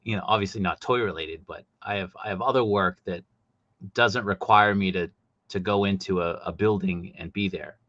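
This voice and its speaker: A man hosting a casual livestream chat about collectible figures, talking animatedly, his voice jumping high when he gets exasperated. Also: normal speed, a bit bright, no echo, highs cut off. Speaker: host.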